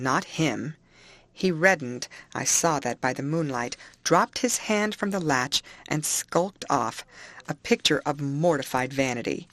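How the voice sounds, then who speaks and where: A woman reads a classic novel aloud with a low, steady voice and a measured pace. She is recorded close to the mic in a dry room. The sound is plain and even. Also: no echo. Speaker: audiobook reader.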